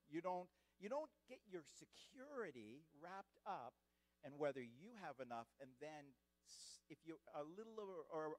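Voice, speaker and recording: A middle-aged man from Canada delivers a sermon in a fairly high voice. He is lively, jokes, and keeps turning questions back to the audience. The sound is dry and close. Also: no echo, low-quality recording. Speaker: church leader preaching.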